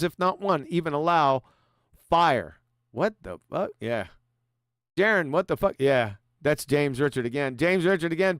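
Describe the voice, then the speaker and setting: A man runs a combative livestream, swearing freely and laughing as he reads viewer super chats. His voice sits high and swings widely in pitch, with a clear, resonant tone. The sound is dry and close. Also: no echo. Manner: profane, mocking, laughs often. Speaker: livestream host.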